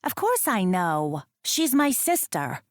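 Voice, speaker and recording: A woman's voice: mid-range voice, sing-song, slow, no room sound, clean studio sound. A woman doing a sly, teasing big sister. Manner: sly, sickly sweet. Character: teasing, mischievous older sister.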